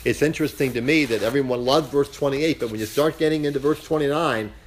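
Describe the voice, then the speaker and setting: A man at a mid pitch leads a casual Bible study. He speaks in halting bursts, full of filler sounds, as he works through his points for the class. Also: a little hiss or hum.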